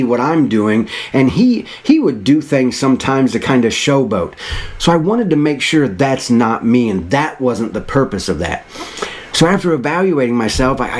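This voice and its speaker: A man in his thirties telling a personal story in an earnest, reflective way, rambling and restarting as he goes. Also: medium pitch. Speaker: motivational vlogger.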